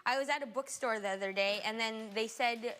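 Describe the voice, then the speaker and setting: A woman's voice: a little high, a little fast, background noise. A woman from Alaska, a talk show guest, chatting in a giggly, rambling, hesitant way. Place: theatre stage before an audience.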